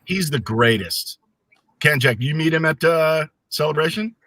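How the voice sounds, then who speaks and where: A man's voice: on the high side, measured pace, no room sound. A middle-aged man, a guest on a casual live stream, telling anecdotes with animation and acting out the voices in them. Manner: animated storyteller who acts out the voices in his anecdotes.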